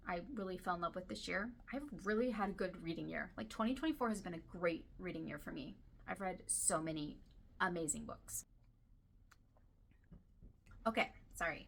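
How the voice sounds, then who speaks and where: A woman chatting casually to camera about books she loves, gushing and sometimes dropping to a soft whisper, her throat dry and irritated. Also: fairly low pitch, vocal fry, a little hiss or hum. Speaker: book vlogger.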